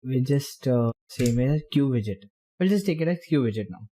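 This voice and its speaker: A man explaining programming step by step while typing, in halting phrases. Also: mid-range voice, animated, warm tone. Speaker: programming tutor. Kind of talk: screen-recorded coding tutorial.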